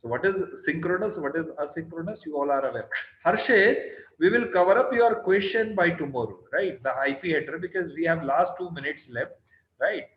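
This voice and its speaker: A man's voice: fairly high pitch, animated, fairly quick. Stern Indian man teaching online. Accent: Indian English. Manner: quizzes students by name, keeps asking "right?"; stern, scolds students on tone. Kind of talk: online class lecture. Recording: roomy, dull online call audio.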